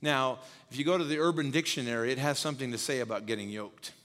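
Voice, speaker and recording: A man's voice: mid-range voice, quick pace, a bit bright, long reverb tail. A man preaching a sermon as pastor. He speaks emphatically, repeats key phrases and quizzes his listeners.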